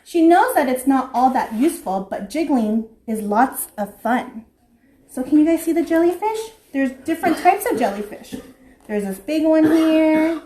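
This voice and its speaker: A young woman reads a picture book to small children in a lively, sing-song manner. Her voice sits high, and the room around her rings with echo. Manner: animated, sing-song, voices creatures in the story. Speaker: preschool teacher. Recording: echoey room.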